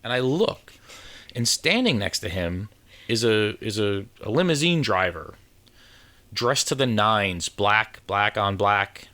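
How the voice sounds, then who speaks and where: A man's voice: lowish voice, animated, slow, bright, forceful tone. A man co-hosting a podcast, telling a rambling anecdote in casual chat, with restarts and acted-out quotes. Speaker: podcast co-host. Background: drinking from a can while talking.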